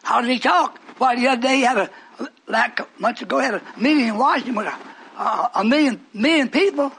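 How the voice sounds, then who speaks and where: A male preacher delivering a fiery sermon, swinging from low murmurs to high shouted preaching. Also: a little fast, gravelly, breathy edge, poor audio.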